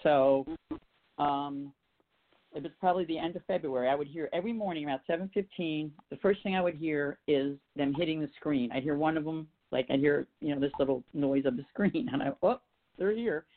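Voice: medium pitch, steady tone, a little fast. Caller, chatty, telling a story, phone-line audio. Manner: chatty, self-deprecating. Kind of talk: casual phone chat.

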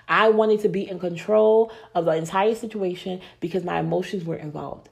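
A woman's voice: on the low side, vocal fry, a little mellow. A woman giving an emotional sermon to a women's group, speaking in a repetitive preaching cadence. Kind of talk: impassioned sermon.

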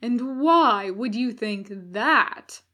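A woman voicing a menacing male demon duke who speaks slowly and loudly, sneering with cold cruelty, in an audiobook reading. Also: a little high, expressive, heavily acted. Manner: slow, loud, hissing through teeth.

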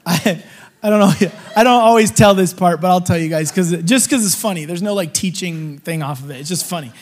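A man preaching to a live group, telling a funny testimony story in an animated, joking way. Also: high voice, a little fast. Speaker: guest preacher.

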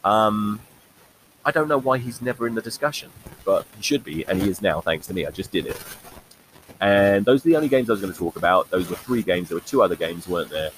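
A man's voice: lowish voice, a little fast. Blunt sweary man, crackly mic. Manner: blunt, sweary, opinionated, rambling. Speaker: podcast host. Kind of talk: casual solo rugby chat. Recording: crackly faulty mic with faint hiss.

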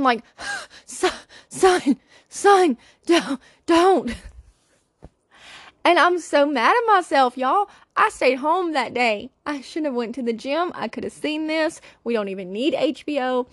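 Solo podcast host, woman in her 30s, bright higher voice, dry close sound, chatty storyteller. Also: dry recording. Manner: chatty, laughing, playful impressions. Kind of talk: casual storytelling chat.

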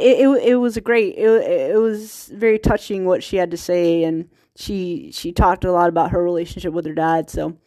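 A woman's voice: mid-range voice, a little mellow, no echo, clean studio sound. Rambling woman with a rural Virginia accent. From small-town Virginia. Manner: rambling, with frequent restarts and laughs. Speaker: podcast host. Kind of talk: casual solo podcast chat.

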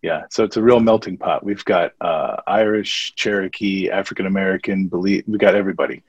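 A man's voice: low voice, fairly even intonation, brisk, slightly rough, dry recording, lo-fi sound. A man talking earnestly as a guest in a casual conversation, often repeating his phrases. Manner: earnest and faith-centered, speaks in warm repeated phrases. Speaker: podcast guest.

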